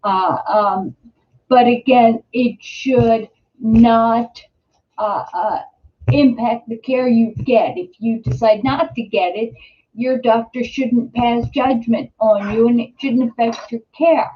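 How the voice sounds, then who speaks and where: Speaking slowly in a voice on the high side, this middle-aged woman rambles through a laid-back home live stream she's hosting, full of fillers and false starts. The audio comes from a webcam or computer mic and has a slightly dull, lo-fi quality.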